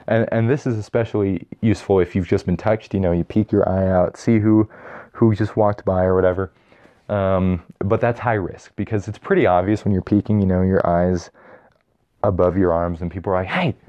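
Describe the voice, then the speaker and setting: A man's voice: low-pitched, dark tone. A young man casually explaining and ranking strategies for a classroom game, rambling and correcting himself as he goes. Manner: rambling, self-correcting, chatty. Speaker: video host.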